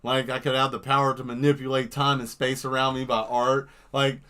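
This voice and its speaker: A man chatting casually on an art livestream while he draws, spinning rambling, animated stories. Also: medium pitch, fairly quick, clean tone. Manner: rambling, animated storytelling that jumps into silly voices. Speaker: livestream artist. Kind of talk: casual live-stream chat while drawing.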